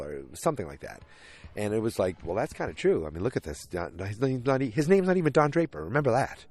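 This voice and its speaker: A man's voice: low-pitched, very animated, fairly quick, a little mellow, soft background music. Rambling man recapping a TV episode. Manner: rambling, retells scenes in quoted voices, many fillers and restarts. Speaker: podcast host.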